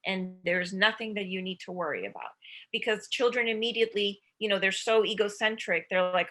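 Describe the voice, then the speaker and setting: Female guest expert, bright tone, practical parenting advice with role-played lines. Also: medium pitch, expressive, fairly quick. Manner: acts out child and parent voices. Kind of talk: advice talk.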